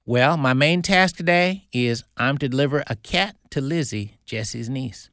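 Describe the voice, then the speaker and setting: A man voicing a calm, assured male angel in a told story. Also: mid-range voice, measured pace, dry recording, studio quality.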